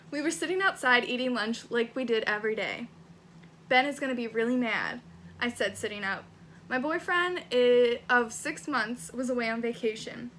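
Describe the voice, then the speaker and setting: A woman's voice: on the high side, animated, unhurried, fairly bright tone, a little hiss or hum. A young woman vlogging casually, reading her old teenage writing aloud, swearing freely and laughing at herself. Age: young adult.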